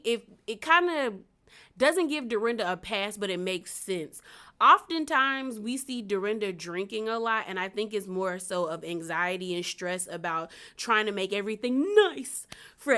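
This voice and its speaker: A woman's voice: medium pitch, fairly bright tone. A young woman casually recapping a reality show, chatty and slangy, with lots of fillers. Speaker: recap vlogger.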